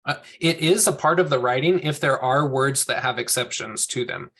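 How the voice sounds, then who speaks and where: A man's voice: mid-range voice, moderate pace, a bit bright, slightly rough. A man teaching a group language lesson, explaining patiently step by step and correcting himself as he goes. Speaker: Hebrew teacher.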